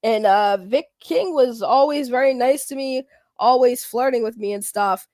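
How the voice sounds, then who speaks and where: Woman, high voice, livestream host, casual rant, animated, dry mic. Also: moderate pace, no echo. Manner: animated, talks back to chat, swears and laughs.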